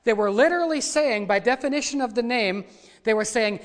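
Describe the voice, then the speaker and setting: A man's voice: very high voice, brisk. Guy preaching a sermon, acts out the quotes big, long echo off the hall. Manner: dramatic retelling, voices quoted lines louder.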